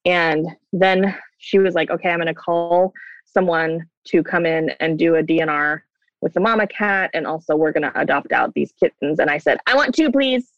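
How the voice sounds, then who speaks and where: A woman's voice: low voice, fairly even intonation, moderate pace, no room sound. Chatty woman on a dull dry line. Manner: chatty, rambling, with many fillers. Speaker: guest. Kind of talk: casual interview chat. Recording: dull, dry remote recording.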